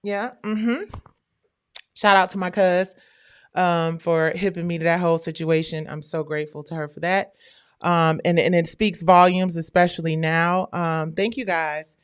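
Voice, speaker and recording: Middle-aged woman, low smooth voice, chatty slangy livestream host. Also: steady tone, measured pace. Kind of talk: casual livestream chat.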